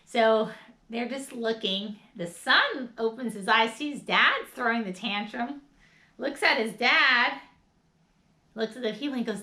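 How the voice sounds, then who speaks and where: Woman instructor leading an energetic movement class, somewhat high voice, recorded in a reverberant room. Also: a little slow. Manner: upbeat, coaching, with bursts of laughter and shouts. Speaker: wellness instructor. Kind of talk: guided laughter and movement class.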